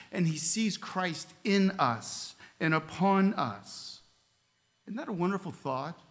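A man's voice: a little high, a bit bright. A man preaching a sermon as a pastor, earnest, with casual asides and light humor.

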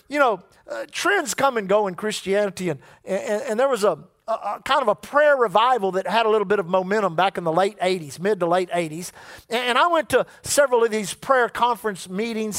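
Folksy preacher, very high voice. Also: male voice, a bit bright, no echo. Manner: folksy, repeats words, calls on the congregation. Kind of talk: sermon.

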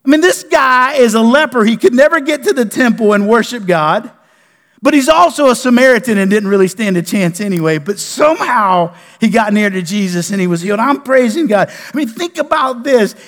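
A man, a pastor preaching a sermon, animated with loud bursts and quiet drops. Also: sits high, a little fast. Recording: long reverb of a large hall.

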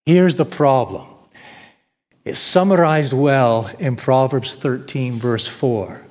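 A man preaching a sermon with emphatic, declaiming delivery, now and then mimicking whiny complainers. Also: medium pitch. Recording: long hall reverb.

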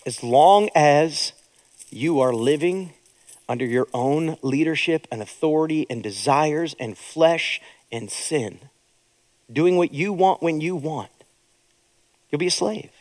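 A man preaching as a pastor, earnest and consoling, dropping to hushed emphasis. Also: a little high, animated, takes it slowly, long reverb tail. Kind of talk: sermon.

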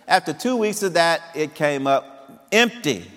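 Animated storytelling man in a hall. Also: fairly high pitch, unhurried. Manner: animated storyteller, laughs often. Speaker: speaker addressing singles. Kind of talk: personal storytelling talk.

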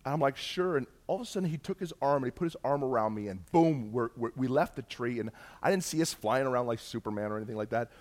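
A middle-aged man from Canada, telling a personal testimony as a story and acting out the dialogue with jumps in pitch and loudness. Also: lively intonation, fast talker, hardly any pauses. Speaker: speaker sharing a personal testimony.

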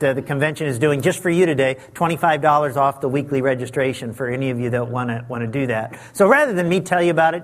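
A man with a notably high, light voice addresses a church congregation as a visiting preacher. He talks in a friendly, self-deprecating way, leaning on fillers and restarts. His pitch sits a little above most men's. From Southern California. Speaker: guest pastor. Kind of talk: sermon. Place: church sanctuary.

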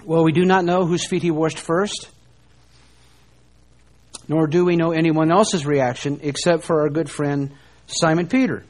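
A man preaching a sermon, animated and emphatic, often posing rhetorical questions. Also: fairly high pitch, a little slow, pauses often.

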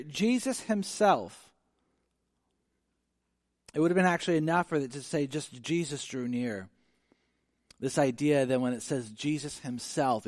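A man's voice: fairly high pitch, no echo, clean studio sound. Chatty man preaching a sermon. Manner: conversational, animated storytelling with many fillers. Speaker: pastor.

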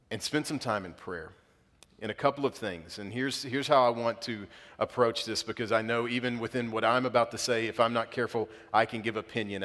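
A man, preaching a sermon and leading prayer, earnest and building to emphatic peaks with halting restarts. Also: on the low side, fairly bright tone. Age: 30s. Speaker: pastor. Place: church auditorium. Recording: long hall reverb.

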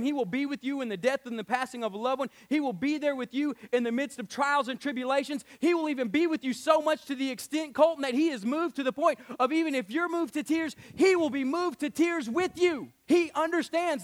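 A pastor delivers a sermon in a strikingly high voice for a man. He swings from hushed, intimate lines to loud, ringing ones and laughs often between points. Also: fairly quick, few pauses. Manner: laughs often while speaking.

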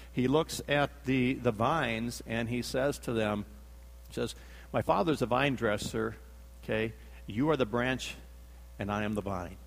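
A man delivering a sermon in a mid-range voice, building drama as he acts out each scene and leans on repetition. His voice carries a long reverb tail, as though he is speaking in a large hall. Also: medium pitch. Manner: dramatic storytelling, acting out quotes, emphatic repetition. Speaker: preacher.

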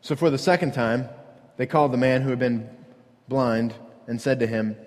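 A man's voice: medium pitch, normal speed, a little mellow, in a large hall. A man preaching a sermon as pastor, earnest and repetitive, pressing his point with rhetorical questions.

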